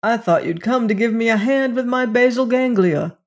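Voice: medium pitch, moderate pace, voice pushed up, close to an everyday voice. An audiobook narrator voicing an irritable, snappish young male medical student in a storybook reading. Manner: snappish, sly.

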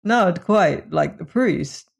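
A reader voicing a calm, courteous human space explorer in an audiobook story. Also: mid-range voice, takes it slowly, gravelly, exaggerated voice. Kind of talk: audiobook reading.

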